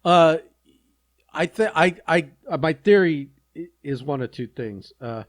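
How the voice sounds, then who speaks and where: Podcast guy ribbing his buddy, lots of uhs and likes, fairly high voice, dry sound. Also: expressive, dry recording. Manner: teasing, halting with many fillers. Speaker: podcast co-host. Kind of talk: casual chat. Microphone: podcast mic.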